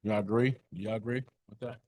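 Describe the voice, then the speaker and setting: A man's voice: on the low side, steady tone, fairly quick, warm tone, dry recording. A man leading a sales training session on a call, coaching in a conversational way with lots of fillers and check-ins.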